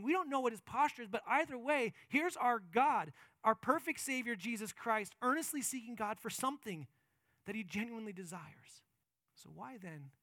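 In a notably high voice, a male pastor preaches with impassioned force, driving his points home loudly before easing into softer, calmer reflection. The sound is dry and close, with no room echo.

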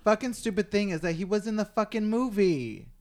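A man's voice: high voice, a little fast, crowd noise. A man hosting a casual podcast chat, sassy and gossipy, swearing freely. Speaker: podcast host.

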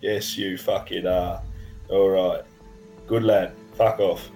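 A man playing a tabletop roleplaying game, talking gruffly and swearing bluntly in character. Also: sits low, fairly even intonation, takes it slowly, warm tone, soft background music, rough recording. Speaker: player.

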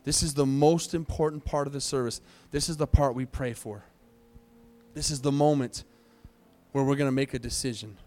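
A pastor leading an altar call during a church service, speaking earnestly with pleading, repeated phrases. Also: male voice, medium pitch, moderate pace, darkish tone, faint music behind.

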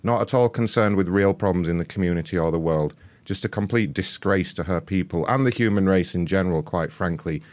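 A man hosting a show and making prank phone calls, delivering insults in a mock-polite, deadpan way. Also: low voice, fairly quick, few pauses, no echo. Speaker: host and prank caller.

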